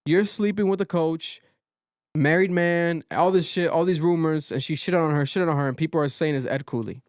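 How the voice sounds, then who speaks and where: A man hosting a podcast, recapping a reality show in animated casual chat and swearing freely. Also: on the high side, moderate pace. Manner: animated storytelling, swears freely, quotes people in raised voices. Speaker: podcast host.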